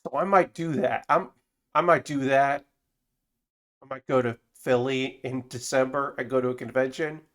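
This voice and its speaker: A man's voice: mid-range voice, fairly even intonation, moderate pace, fairly bright tone. A man streaming while building a model kit, talking casually in a rambling, self-correcting way with frequent swearing. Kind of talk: casual live-stream chat.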